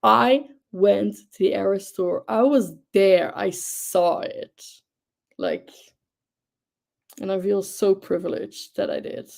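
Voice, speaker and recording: Slow, gravelly young woman chatting. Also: mid-range voice, darkish tone. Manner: gushing, enthusiastic, chatty with many fillers. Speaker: livestream host. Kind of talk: casual chat.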